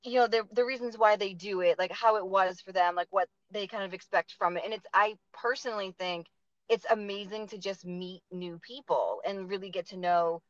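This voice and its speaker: A woman's voice: medium pitch, steady tone, moderate pace, dry recording, highs cut off. A woman with a Boston accent hosting a casual interview, talking chattily with lots of fillers. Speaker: podcast host.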